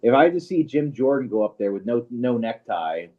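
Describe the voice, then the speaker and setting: A man's voice: medium pitch, big pitch swings, moderate pace. A man co-hosting a casual livestream, sounding skeptical and hesitant, with many "you know"s. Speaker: co-host. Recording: dull lo-fi audio.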